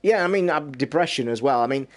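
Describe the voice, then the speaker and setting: Brief: man, 50s, streamer host, passionate swearing rant, slow stressed emphasis. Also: mid-range voice, animated. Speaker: podcast host.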